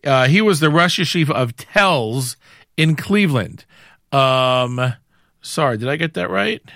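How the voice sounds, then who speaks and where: A man hosting a weekly show in a casual, rambling way, often pausing and correcting himself. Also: on the high side, animated, creaky, fairly bright tone, no room sound, clean studio sound. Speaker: host.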